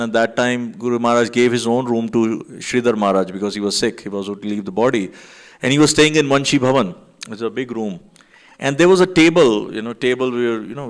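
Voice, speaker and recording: A man's voice: medium pitch, clean tone. A man telling a personal story to a temple gathering, in a rambling way full of fillers, acting out what others said. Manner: storytelling with many fillers, acts out quotes. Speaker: devotee sharing memories. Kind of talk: anecdote to a gathering. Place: temple hall.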